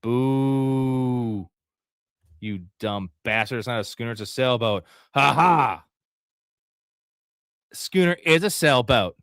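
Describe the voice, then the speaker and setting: A man hosting a live fantasy football stream, reacting to a draft pick by pick with frequent swearing and sudden yelled outbursts. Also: mid-range voice, slow pace, pauses often, smooth, no echo, studio quality. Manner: profane, frustrated, outbursts of yelling.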